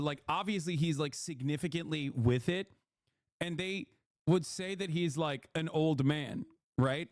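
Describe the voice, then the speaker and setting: A man's voice: high voice, dry recording, studio quality. A man hosting a stream with casual political commentary, brash and profane, cracking jokes as he talks. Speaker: streamer host.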